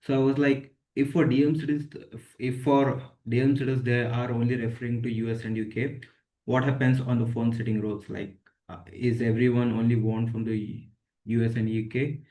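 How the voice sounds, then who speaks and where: A man on a group coaching call who mostly agrees with short replies like "got it". When he talks longer, he stops and restarts his sentences. His pitch is in the middle range for a man. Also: flat delivery, normal speed, dark tone, rough recording. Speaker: coaching participant.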